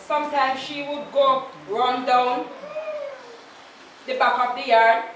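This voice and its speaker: Jamaican woman, 50s, eulogy, fairly high voice, very echoey church, distant mic. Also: fairly even intonation, slow pace, a bit bright, slight background noise. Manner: anecdotal storytelling, slips into patois quotes. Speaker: eulogist, daughter of the deceased. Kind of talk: funeral eulogy. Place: large church.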